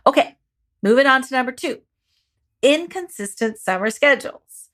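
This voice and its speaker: A woman's voice: high-pitched, moderate pace. Woman, parenting coach, podcast monologue, bouncy intonation, encouraging. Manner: expressive, encouraging, conversational.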